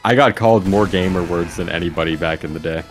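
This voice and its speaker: A man with a fairly low voice rambles through crude, offhand stories during a casual stream. His talk is loose and full of "like" and false starts. Faint music sits underneath. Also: fast. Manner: loose, crude anecdotes with many fillers. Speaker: guest gaming YouTuber.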